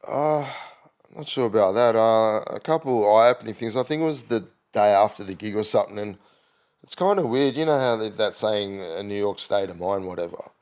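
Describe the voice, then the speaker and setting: Speaking at a normal pace in a low, darkish, clean-sounding voice, a middle-aged Australian podcast guest rambles casually through stories. He fills his talk with ums, uhs and restarts and takes on the voices of the people he quotes.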